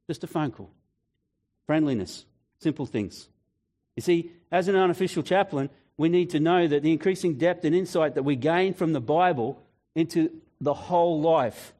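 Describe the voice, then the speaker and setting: A man's voice: on the high side, normal speed, darkish tone. A man preaching a conversational sermon, telling personal stories and speaking directly to the congregation.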